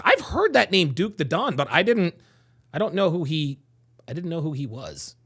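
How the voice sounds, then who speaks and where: A man hosting a casual livestream, reading chat and telling profane, animated stories. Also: fairly high pitch, moderate pace, slightly rough.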